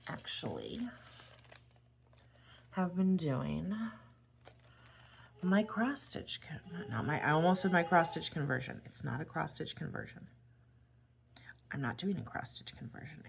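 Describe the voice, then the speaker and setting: A young adult woman chatting casually while she crafts, tired and rambling, with yawns and soft asides. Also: sits low, creaky, slight background noise. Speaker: crafting vlogger.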